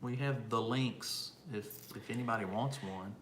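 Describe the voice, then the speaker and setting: A man's voice: medium pitch, moderate pace, a bit bright. A man co-hosting a live stream, speaking casually and often restarting his sentences. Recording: roomy live-stream audio with faint noise.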